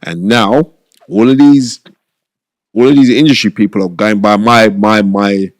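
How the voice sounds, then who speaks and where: A middle-aged man, a boxing pundit, swaps stories in a casual interview. His voice sits fairly low, and he talks with animated emphasis, hammering phrases again and again. The sound is dry and close, with no room around it. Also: measured pace, dry recording. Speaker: guest, boxing pundit and former TV host.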